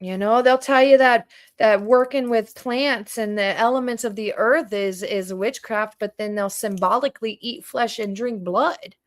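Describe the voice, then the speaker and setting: A woman's voice: fairly high pitch, unhurried, few pauses. A woman hosting a livestream, speaking in a fervent, preachy monologue and firing pointed questions at her viewers. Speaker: livestream host and community food organizer.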